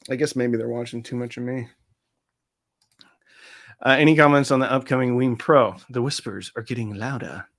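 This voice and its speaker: Going through viewer comments on his laid-back live stream, a male host responds chattily, sprinkling in fillers and brief asides. His voice is medium-pitched, steady, and a bit bright.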